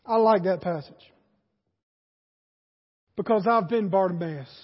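A male preacher with a very high voice delivers a lively sermon, swinging from shouts to quiet asides. The sound is dull and rings with a long hall echo. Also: measured pace, husky. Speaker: pastor.

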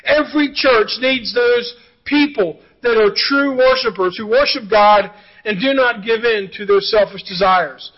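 A male pastor delivers a sermon in a strikingly high voice, moving from story-joke illustrations to earnest appeals. The recording is muffled and lo-fi, like a church audio feed. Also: measured pace. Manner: storytelling preacher, jokey asides then earnest.

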